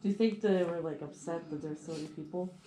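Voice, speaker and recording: A woman's voice: on the low side, fairly quick, crowd noise. A woman visiting a cafe, chiming in on a casual chat with brief interjections and reactions. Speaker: visitor listening to the story. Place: indoor cafe. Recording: echoey room with faint noise.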